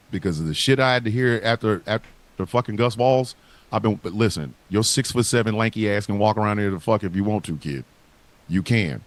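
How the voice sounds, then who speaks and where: A man hosting a live podcast, ranting and taunting in a profane, comedic trash-talk. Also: on the low side. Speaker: podcast host.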